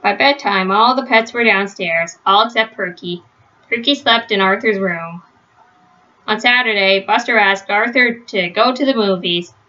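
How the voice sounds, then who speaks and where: A woman reading a children's storybook aloud in a steady, gentle storytelling manner. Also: mid-range voice, measured pace, muffled recording. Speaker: storybook reader. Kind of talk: children's read-aloud narration.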